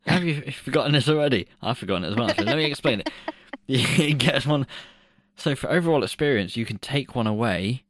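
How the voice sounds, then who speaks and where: A man's voice: mid-range voice, lively intonation, moderate pace, fairly bright tone, no room sound. A man co-hosting a podcast in casual chat, laughing often and swearing loosely. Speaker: podcast co-host.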